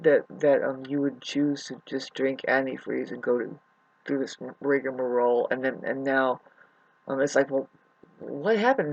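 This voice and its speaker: A woman's voice: low-pitched, lo-fi sound. A woman venting in an unscripted vlog, upset and close to tears, rambling, swearing and often restarting her sentences. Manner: rambling, profane, loops back and restarts often. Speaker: vlogger. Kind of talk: unscripted emotional vlog monologue.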